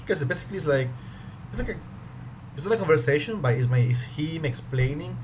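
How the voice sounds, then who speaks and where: A man's voice: fairly high pitch, animated, fast. A man reviewing a language course in casual commentary, hesitant and often repeating his words as he restarts. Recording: audible background noise.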